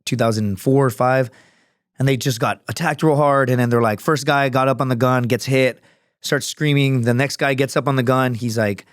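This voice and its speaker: A man who is a podcast guest, telling stories in a casual, profane and animated way, acting out other people's voices as he goes. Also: medium pitch, moderate pace, no room sound, studio quality. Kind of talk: casual storytelling. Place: podcast studio.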